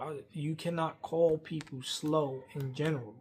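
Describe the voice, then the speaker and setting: A man, venting a rambling workplace story to camera, swinging from loud outbursts to muttering. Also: steady tone, moderate pace, hardly any pauses, a little hiss or hum. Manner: heated, rambling, acts out quotes loudly then drops low.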